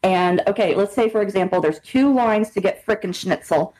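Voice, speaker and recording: A woman's voice: medium pitch, moderate pace, a little mellow, low-quality recording. A young woman co-hosting a casual podcast chat, talking animatedly, laughing often and acting out people she describes. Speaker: podcast co-host.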